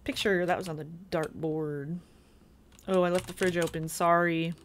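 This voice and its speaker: A woman's voice: lowish voice, steady tone, moderate pace, a little hiss or hum. A woman giving casual, sweary gameplay commentary, chatting to her viewers and jumping at scares. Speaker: gaming video creator.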